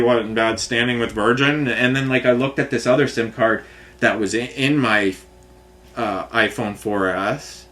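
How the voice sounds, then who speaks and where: A man delivers a long, frustrated monologue to camera. He rambles, restarts and swears freely. His voice sits at an ordinary mid-range pitch. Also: a bit bright. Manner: rambling, agitated, swears often. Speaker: vlogger.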